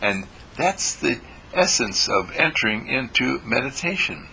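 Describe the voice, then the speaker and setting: An older man leading a guided meditation, speaking slowly and soothingly with deep audible sighs and breaths. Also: big pitch swings, gravelly, sharp tone, slight background noise, low-quality recording. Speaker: meditation teacher.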